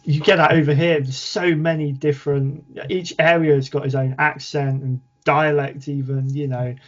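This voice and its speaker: A man with a British English accent, chatting as a podcast guest in a relaxed, self-deprecating way that often trails off softly. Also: on the high side, moderate pace, dull audio. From England. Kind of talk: casual interview chat.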